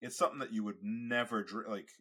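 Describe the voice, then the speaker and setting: Male podcast co-host, low and raspy with a sharp edge, stop-start delivery, dry asides. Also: fairly even intonation. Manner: halting, restarts often, wry asides. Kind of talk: casual chat.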